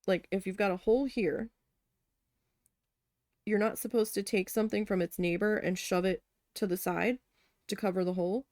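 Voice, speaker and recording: A woman's voice: mid-range voice, darkish tone, dry recording. A woman telling a story in casual chat while crafting, chatty and exasperated, swearing now and then. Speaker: craft vlogger.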